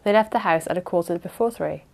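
A woman's voice: on the low side, gravelly. A woman reading the part of a young woman who speaks evenly but halts and restarts under strain. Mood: earnest. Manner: even, halting with small restarts.

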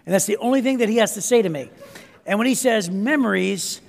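A man preaching a sermon as a pastor, energetic and conversational, often checking in with "right?". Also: high-pitched, quick pace. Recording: echoey hall reverb.

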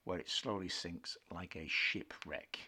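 A man, co-hosting a casual film chat podcast, opinionated and chatty, clearing his throat now and then. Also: deep voice, unhurried, sharp tone. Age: 50s. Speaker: podcast co-host.

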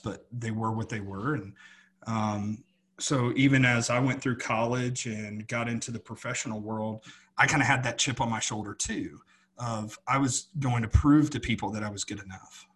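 A man's voice: medium pitch, steady tone, moderate pace, a bit bright, slightly rough. A man co-hosting a podcast, talking in an earnest, reflective way with many restarts. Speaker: podcast co-host. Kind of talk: casual conversation.

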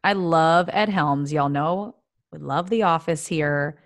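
A bubbly young woman co-hosts a casual chat show. Her voice sits a little low for a woman, and she talks in an easy, chatty way, quick to break into exclamations. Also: dry recording. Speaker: podcast co-host.

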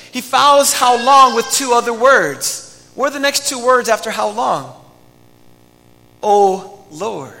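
A male pastor preaches with a high, bright voice, earnest and pleading with his listeners. He moves between loud emphasis and hushed lines. His voice carries the long reverb of a church hall. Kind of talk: sermon.

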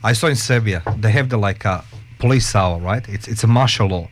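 Come in eager and a little tripping over your words, a man with a fairly low voice pushing into the conversation to ask questions. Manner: excitable, halting, quick to interject. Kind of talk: casual chat.

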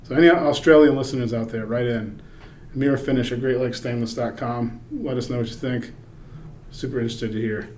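A man in casual podcast chat, telling stories in a loose, rambling way. His delivery is wry and he drifts into low mumbles mid-thought. A faint hiss sits under the recording. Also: fairly even intonation, a little fast, darkish tone. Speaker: podcast co-host.

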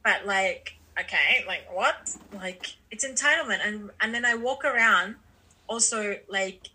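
A woman's voice: mid-range voice, measured pace, pushed and bright, husky, low-quality recording. A woman life coach in a casual podcast chat, speaking candidly, swearing freely and acting out her own inner voice.

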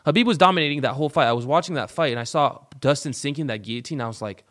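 A man hosts a casual sports talk show, talking rapid-fire in an animated, profane way. He swings between loud outbursts and quiet, muttered asides.

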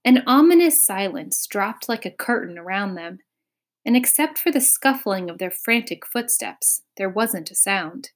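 A woman narrating a chapter of a children's storybook. Her delivery is expressive, with dramatic pacing, and her voice sits at a middle pitch. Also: a little slow. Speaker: audiobook narrator.

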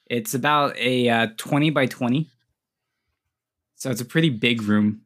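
Guy running a tabletop game, chill and jokey, laughs a lot, average pitch. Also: measured pace. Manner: laughs often, relaxed and joking. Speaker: game master.

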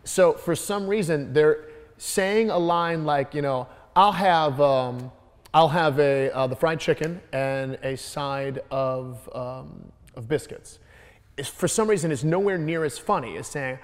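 A middle-aged Midwestern American man answers audience questions at a public Q&A. His voice sits a little on the higher side for a man, and he rambles, stammering and restarting his sentences often. The sound carries the long reverb of a large hall. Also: unhurried. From Detroit, Michigan.

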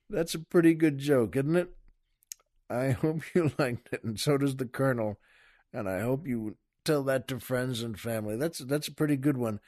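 A man's voice: medium pitch, moderate pace, darkish tone. A male host telling a joke in a folksy, rambling way, repeating himself often. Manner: folksy, repetitive, chuckling.

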